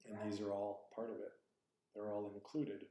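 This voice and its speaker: A man's voice: lowish voice, little pitch movement, moderate pace, warm tone. A man giving a dharma talk as a Zen teacher, reflective and searching, often correcting himself aloud. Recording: roomy echo.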